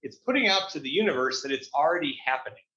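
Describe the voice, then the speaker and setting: Guy coaching folks on a podcast, bright punchy voice, kinda roomy echo, muffled sound. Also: a little high, animated, fast. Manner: upbeat, motivational, restarts phrases. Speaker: guest business coach. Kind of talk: casual interview talk. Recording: echoey, dull lo-fi sound.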